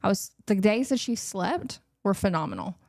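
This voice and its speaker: A woman in her thirties speaks frankly and makes quick jokes as a guest on a morning show. Her voice sits mid-range and sounds dry and close, with no room echo. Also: medium pitch, big pitch swings, creaky, a little mellow. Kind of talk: casual chat.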